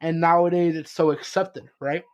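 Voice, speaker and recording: Young male podcast co-host, slightly higher voice, loose rambling delivery packed with "um"s and "right?"s. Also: level tone, moderate pace. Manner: rambling, many fillers and restarts, swears casually. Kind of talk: casual chat.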